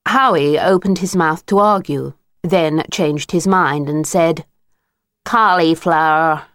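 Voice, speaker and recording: A woman narrating a children's storybook, expressive and unhurried. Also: low-pitched, no echo, clean studio sound.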